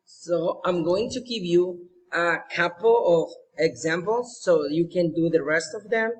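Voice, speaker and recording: A young man, teaching a recorded homework lesson to schoolchildren, slow and patient, repeating words and checking in often. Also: sits high, breathy edge. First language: Spanish.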